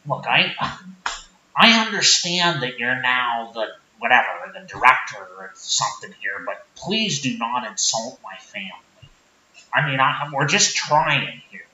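A performer voicing a meek, halting rural man from West Virginia, in a roomy, dull lo-fi recording. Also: medium pitch, big pitch swings, bright, forceful tone, pitched below the performer's own voice, heavily acted. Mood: bewildered. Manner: halting, stammering, apologetic.

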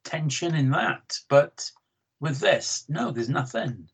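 A British man with a fairly high, husky voice talks slowly but very animatedly, co-hosting a film podcast. In a casual review chat he is opinionated about a film he dislikes, often repeating words as he warms up. The recording is rough.

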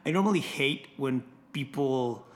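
A man's voice: medium pitch, expressive, unhurried. A man in casual conversation about a film, enthusiastic and often repeating words as he talks. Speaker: movie fan discussing a film. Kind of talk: casual chat.

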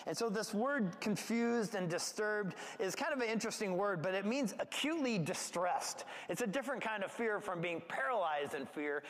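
A man preaching a sermon as pastor, talking in a conversational, animated way with asides and restarts. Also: high voice, normal speed, few pauses, in a large hall. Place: church gathering.

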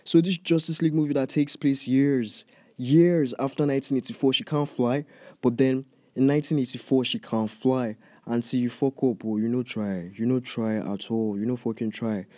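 A young man with a Nigerian accent rants in loose, profane casual commentary, addressing the listener directly. His voice is dark and mellow. The recording is dry, with no room sound. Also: medium pitch, steady tone, normal speed, no room sound. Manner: profane, heated, talks straight at the listener. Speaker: movie reviewer.

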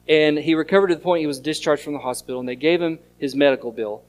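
A pastor, preaching an earnest sermon that mixes scripture reading and storytelling. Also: male voice, mid-range voice, darkish tone. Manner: earnest teaching tone, reads scripture aloud and tells stories.

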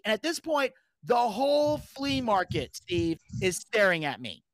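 A man casually telling a story, animated, swearing freely and shouting out the lines he quotes. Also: sits high, a little slow, dry recording. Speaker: podcast guest telling a story.

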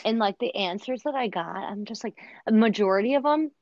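A young American woman, a former au pair appearing as a guest, talks at a fairly quick pace with a medium-pitched voice and no echo. She tells stories animatedly in a casual chat packed with fillers. The recording is dull, dry and lo-fi.

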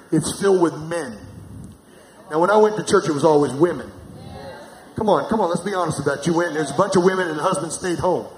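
A middle-aged man preaching a sermon, calling on the congregation to answer back. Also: fairly high pitch. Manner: preaching with call-and-response to the congregation. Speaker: pastor. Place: large church hall. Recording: echoey church hall with noise.

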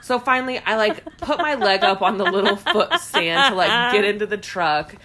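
A woman's voice: mid-range voice, animated, moderate pace, bright, forceful tone, a little hiss or hum. Blunt, foul-mouthed woman storyteller. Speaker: podcast co-host. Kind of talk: casual chat.

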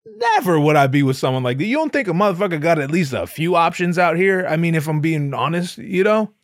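A man's voice: a little high, very animated, brisk, no room sound. A man hosting a podcast, retelling a story in a profane, rambling, mock-boastful comedic way. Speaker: podcast host.

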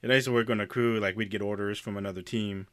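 A man tells a rambling, easygoing story in a bright, forward voice. He chats casually with his co-host. The sound is dry and close. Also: lowish voice, fairly even intonation, quick pace, no echo. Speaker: podcast co-host.

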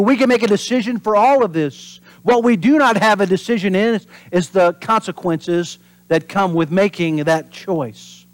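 A pastor delivering a sermon in an animated preaching manner. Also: male voice, high-pitched, moderate pace, no echo. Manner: animated preaching, acts out voices and drops to whispers for emphasis.

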